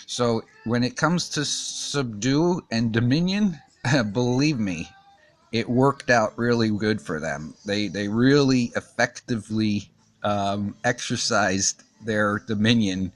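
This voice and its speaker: A man giving a casual Bible lesson while drawing, talking haltingly with many restarts and fillers and chuckling often. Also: on the low side, dry recording. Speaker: teacher.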